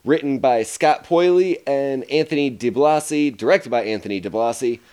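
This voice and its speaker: A man from the United States hosting a horror podcast in casual, profane, joking chat with sudden loud outbursts. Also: medium pitch, normal speed, few pauses, clear, resonant tone. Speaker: podcast host.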